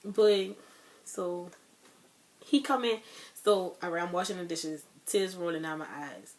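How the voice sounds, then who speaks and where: A young vlogger tells her viewers a sad personal story, addressing them directly as y'all in a casual, chatty way while emotionally retelling her grief. Her voice is fairly low and a little slow.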